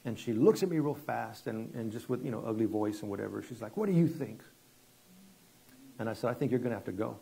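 Pastor guy preaching, kinda husky, warm low tone, lots of restarts. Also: quick pace, hardly any pauses. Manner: conversational, repeats words and restarts, drops quiet for dramatic story moments. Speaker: guest pastor. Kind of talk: sermon with storytelling.

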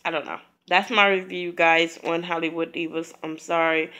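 A woman's voice: fairly low pitch, level tone, normal speed, few pauses, pushed and bright. A woman vlogger, sick, giving a blunt, profane, chatty review. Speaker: vlogger reviewing a reality show. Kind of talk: casual spoken review.

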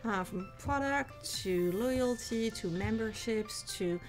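A woman's voice: on the high side, takes it slowly, soft background music. A woman with a French accent, a marketing executive talking casually in an interview, often laughing and restarting her sentences. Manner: laughs often, restarts while thinking aloud.

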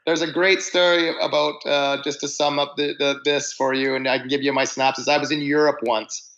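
A gravelly-voiced man in his forties tells a tour story in a loose, rambling way. He restarts sentences and stretches words for emphasis. The audio sounds a little dull and lo-fi. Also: on the high side, little pitch movement, brisk, fairly bright tone. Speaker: podcast guest, musician. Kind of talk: casual chat, storytelling.

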